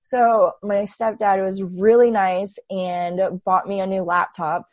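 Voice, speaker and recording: A woman in her twenties, a guest telling her story in a casual, animated way and acting out her own past thoughts. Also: mid-range voice, takes it slowly, dry recording. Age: 20s. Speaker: interview guest.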